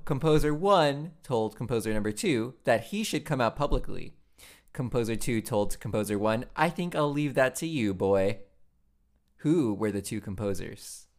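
A woman co-hosting a podcast quiz in casual chat, lively and teasing. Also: a bass voice. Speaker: podcast co-host.

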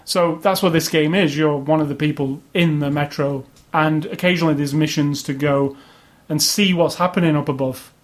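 A man's voice: a little high, fairly even intonation, normal speed, few pauses. A man casually chatting about video games as a podcast co-host, opinionated and rambling. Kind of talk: casual chat.

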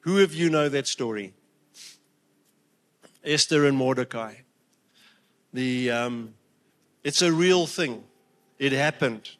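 A man's voice: mid-range voice, takes it slowly, pauses often, fairly bright tone. A man delivering a sermon to his congregation. He speaks with heartfelt emotion, stumbling over restarts and then building to emphatic peaks. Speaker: preacher.

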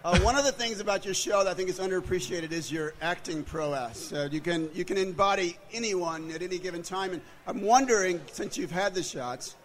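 A man's voice: high voice, a little fast, few pauses, rough recording. A man in a bar audience asking the hosts a hesitant, teasing question.

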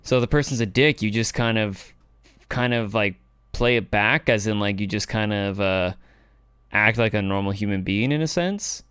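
A young man co-hosting a podcast in casual chat, riffing and building up to animated rants. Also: on the low side, normal speed, clear, resonant tone, no room sound. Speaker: podcast co-host.

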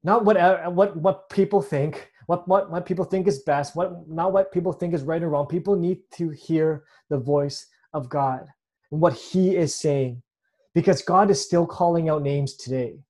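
Earnest man preaching, dark mellow voice. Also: a little high, normal speed. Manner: earnest, repeats words when restarting. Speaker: pastor. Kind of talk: sermon.

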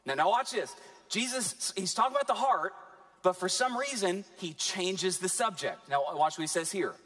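High-voiced animated male preacher. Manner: animated preaching with dramatic pauses. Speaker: pastor. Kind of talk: sermon.

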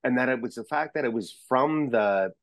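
A man chatting as a podcast guest, an excitable storyteller who rambles and restarts his sentences. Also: medium pitch, moderate pace, no room sound. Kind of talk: casual chat.

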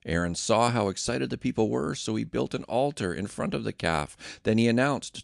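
A man reading scripture as narrator in a measured, dramatic way. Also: mid-range voice, animated, creaky, dry recording, studio quality.

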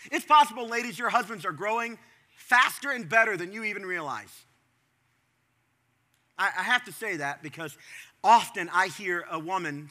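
A middle-aged male pastor preaching a sermon in a conversational way, breaking into sudden animated bursts. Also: high voice.

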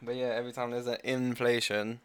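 A man's voice: medium pitch, level tone, fairly quick, a bit bright, a little hiss or hum. A man co-hosting a podcast. He chats casually in slang, laughs easily and makes fun of himself. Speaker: podcast co-host. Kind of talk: casual chat.

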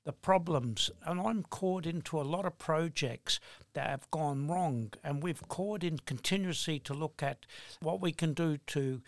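Older aussie guy, talks slow and firm, slightly high voice, dry close mic. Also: no echo. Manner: deliberate, firm, slow in places. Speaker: guest, engineering business owner. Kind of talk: interview answers.

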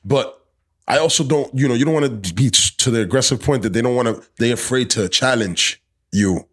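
A young man hosts a podcast outside in the cold, his husky, mid-range voice moving fairly quickly. It's casual chat, loose and full of slang and swearing, and now and then he launches into animated rants.

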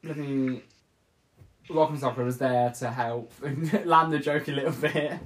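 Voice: mid-range voice, steady tone, measured pace. Chatty podcast host, rambling. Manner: rambling, chatty, laughs often. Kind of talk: casual chat.

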